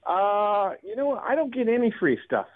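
A North American man chats easily as a guest on a radio show. He is an airline pilot, and his slightly high voice comes down a thin, tinny phone line, dry and close. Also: sing-song, moderate pace, dry recording. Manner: easygoing, laughs along, tries silly accents. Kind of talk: casual radio chat by phone.

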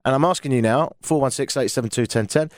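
This radio phone-in host is a middle-aged man from England with a London accent, talking fast in a mid-range voice. He keeps things chatty and jokey, often mocking himself. The studio recording carries a little hiss or hum.

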